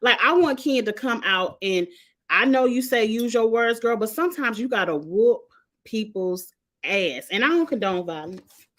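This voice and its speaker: A sassy woman reviews a reality TV show in a casual recap rant, animated and exasperated. Her voice is a little high at a moderate pace, with a bit of hiss or hum in the recording.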